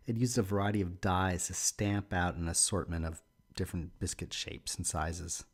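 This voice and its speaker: Low-voiced man narrating a lecture. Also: darkish tone. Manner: measured, explanatory. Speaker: instructor.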